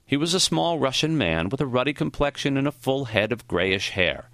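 A man narrating a first-person memoir audiobook in a reflective, measured way. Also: medium pitch, big pitch swings, a bit bright, no echo, clean studio sound.

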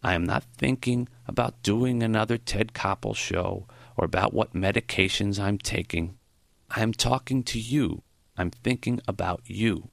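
A man voicing a frail, gentle old male professor in an audiobook, with a foggy, high-pitched voice and slow, earnest speech. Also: creaky, no echo. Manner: slow, warm, earnest counsel. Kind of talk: audiobook character voice.

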